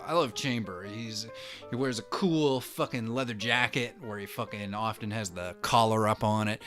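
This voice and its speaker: Male host, thirties, low-pitched, profane and rambling, casual monologue over faint music. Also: bright, forceful tone. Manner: rambling, heavy swearing, self-interrupting. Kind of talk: casual comic-book monologue.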